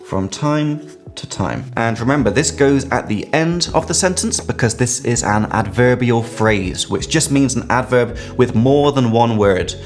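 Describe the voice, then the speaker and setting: A man with an English accent teaches grammar in an upbeat, lively way, leaning hard on key words and drawing them out as he explains. His voice sits in a plain middle register. Faint guitar music plays softly behind him. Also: mid-range voice, a little slow. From England.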